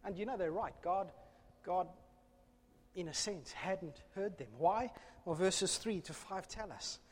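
A man preaching an emphatic, animated sermon in a church, with self-deprecating asides. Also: high-pitched, unhurried, in a large hall. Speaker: pastor.

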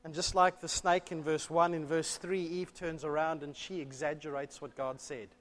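A man preaching a sermon in church, telling a story with animated delivery and rhetorical questions. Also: fairly high pitch, moderate pace. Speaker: pastor. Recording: long church reverb.

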